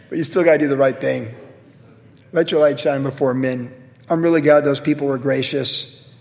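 A man's voice: fairly high pitch, animated, fairly quick, gravelly, big-room sound. A middle-aged man preaching a sermon as a pastor, telling a personal story in a casual, self-deprecating way.

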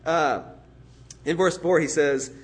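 Earnest, higher-voiced man preaching a sermon. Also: slow. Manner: earnest, emphatic, builds vivid everyday illustrations. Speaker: pastor. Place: church.

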